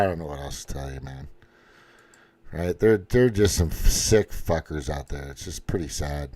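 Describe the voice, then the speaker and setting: A man's voice: rumbling low, darkish tone. A middle-aged man ranting in casual commentary, sarcastic and swearing constantly. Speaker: commentary host.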